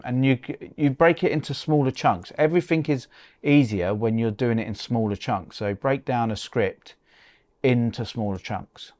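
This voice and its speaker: A man co-hosting a podcast, giving practical advice in a relaxed, chatty way and often restarting words. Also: mid-range voice, moderate pace, no echo. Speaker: podcast co-host. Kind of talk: casual advice chat.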